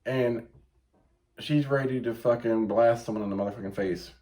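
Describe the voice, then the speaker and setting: Medium-pitched and at an ordinary pace, this man co-hosts a podcast. He's a lively storyteller in easygoing chat who swears freely.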